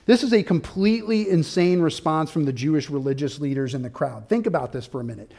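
Emphatic preacher man, slightly higher voice. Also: fast, vocal fry. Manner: emphatic, builds to loud peaks; outlined teaching with subpoints. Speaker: pastor. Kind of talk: expository sermon.

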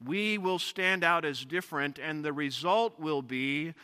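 A man's voice: a little high, a little slow, sharp tone, smooth. A male pastor preaching an expository sermon, reading scripture aloud and explaining it with personal stories, in a large church sanctuary. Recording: long reverb of a large hall.

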